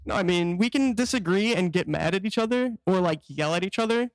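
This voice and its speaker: A young man co-hosting a podcast in casual chat, with wry, deadpan complaints. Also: high voice, fairly quick, no room sound. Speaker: podcast co-host.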